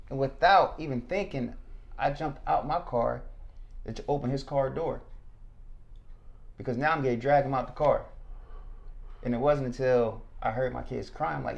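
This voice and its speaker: A man, a former state trooper, telling his story as a podcast guest, animated and acting out what people said. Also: mid-range voice, normal speed, vocal fry, long pauses, highs cut off. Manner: animated, acts out quotes. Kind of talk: casual storytelling.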